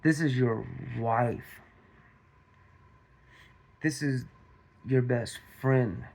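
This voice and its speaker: Guy ranting slowly at his viewers, lots of restarts and repeats, keeps asking what would you do. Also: mid-range voice, a little mellow. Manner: repetitive, restarts, rhetorical questions to viewers. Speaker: commentary channel host. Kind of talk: casual commentary monologue.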